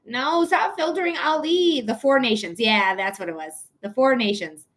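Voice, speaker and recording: A woman's voice: high voice, normal speed. A young adult woman doing live psychic readings, chatting casually, swearing freely and laughing often. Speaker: psychic reader on a live stream. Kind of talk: casual live-stream chat.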